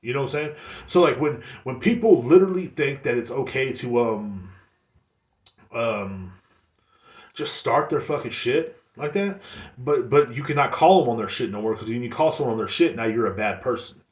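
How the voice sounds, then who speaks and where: A man's voice: medium pitch, normal speed. Profane rambling man in a roomy room. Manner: profane, rambling, animated storytelling. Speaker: podcast host. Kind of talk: casual solo podcast rant.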